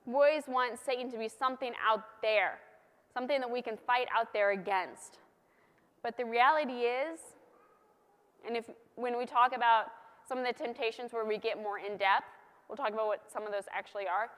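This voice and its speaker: A woman's voice: a little high, normal speed, a bit bright, clean tone. A woman preaching a sermon in a conversational, playful way, hammering key points through repetition. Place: church. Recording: long church reverb.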